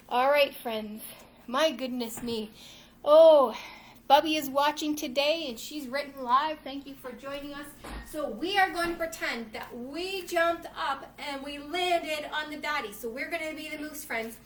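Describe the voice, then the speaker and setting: A woman's voice: sits high, moderate pace, a little hiss or hum. A young woman teaching children's yoga and reading a storybook aloud, cheering the children on as friends. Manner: encouraging, addresses kids as friends, acts out the story's shouts. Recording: echoey room from some distance.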